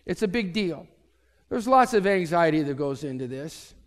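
A man preaching a sermon as pastor, telling a story and swinging from loud to hushed. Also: on the high side, lively intonation, normal speed, long reverb tail.

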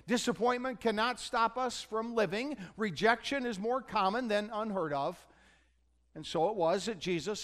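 A high-pitched man preaching to his congregation in a church. He tells the story like a storyteller and keeps dropping in wry jokes and questions to the listeners. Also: a bit bright. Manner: storytelling with humorous asides. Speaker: pastor. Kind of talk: sermon. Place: church sanctuary.

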